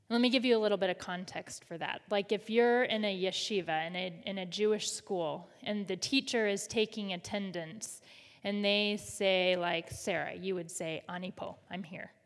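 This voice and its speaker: A woman pastor preaching a sermon in a conversational way, leading the congregation in call and response. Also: mid-range voice. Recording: reverberant hall.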